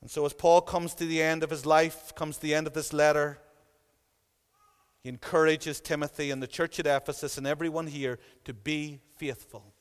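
A man's voice: fairly high pitch, level tone, normal speed, clean tone, long reverb tail. A man preaching a sermon in a church, earnest and emphatic, repeating phrases for weight.

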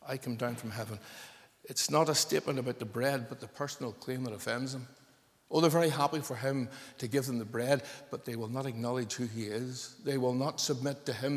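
A male preacher delivers a sermon with emphatic, repetitive stresses. His voice sits at an ordinary middle pitch. It rings out with the long reverb of a large church hall. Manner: emphatic, repeating phrases for stress.

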